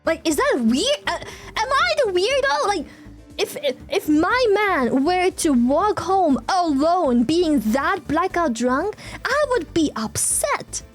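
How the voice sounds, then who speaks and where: A high-pitched young woman talks casually to her live-stream audience. She rants with lively emphasis, swears freely and keeps answering chat. Soft music plays faintly underneath. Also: takes it slowly. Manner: animated ranting, swears freely, reacts to chat.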